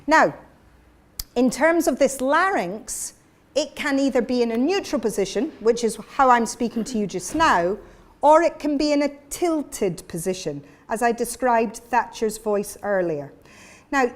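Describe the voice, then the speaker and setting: A woman leading a voice workshop for a live audience, explaining and demonstrating sounds as she goes. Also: a little high. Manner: demonstrative, breaks into sound demos. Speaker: vocal coach. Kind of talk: workshop lecture with live voice exercises.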